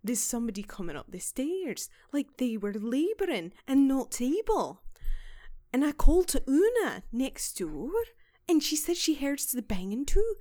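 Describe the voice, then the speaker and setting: A woman's voice: sits high, very animated, measured pace, warm tone. Woman putting on an old Irish-Scottish maid. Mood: spooked. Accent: wobbly mix of Irish and Scottish. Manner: breaks into laughter, accent drifts. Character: older Irish castle maid, woman in her sixties, shaken.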